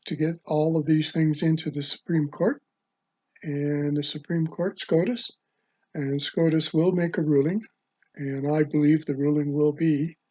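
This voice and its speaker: A man delivering a religious video sermon, halting with many ums and uhs. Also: fairly high pitch, warm tone, slightly rough. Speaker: online preacher. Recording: dull lo-fi sound.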